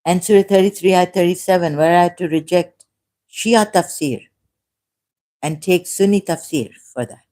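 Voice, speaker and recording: Woman on a livestream, low mellow voice, halting, keeps correcting herself. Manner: halting, self-correcting, with frequent laughs. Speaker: livestream host. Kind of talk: unscripted livestream commentary.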